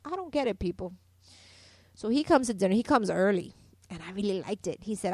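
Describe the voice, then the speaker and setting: A woman's voice: mid-range voice, moderate pace, dry recording. A young adult woman recapping a soap opera episode in a casual, opinionated, chatty way, often calling out to her listeners. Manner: opinionated, animated, addresses listeners as "people".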